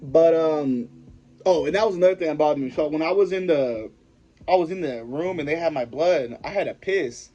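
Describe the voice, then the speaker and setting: A man's voice: on the high side, moderate pace, warm tone, dull audio, soft background music. A young man vlogger telling a personal story in a rambling, profane, slangy way, often stopping and restarting his sentences. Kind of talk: casual storytelling to camera.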